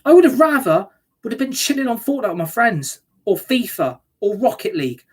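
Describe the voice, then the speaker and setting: A woman's voice: on the high side, very animated, a little fast, a little mellow, breathy edge. A woman ranting angrily as a football fan reacting to a match, sweary and scornful.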